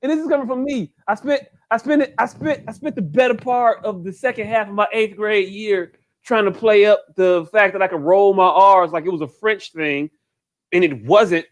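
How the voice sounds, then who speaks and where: A man co-hosting a podcast in loud, profane, joking chat, laughing often and saying he has been drinking. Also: high-pitched, moderate pace. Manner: profane, animated, laughs a lot, repeats "hey, look". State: a bit drunk. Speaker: podcast co-host. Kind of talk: casual comedic chat.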